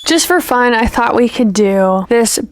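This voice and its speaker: A woman's voice: fairly high pitch, animated, measured pace, slight background noise. A young adult woman vlogging in a casual, playful chat, gushing and peppering her talk with "like" and "you know".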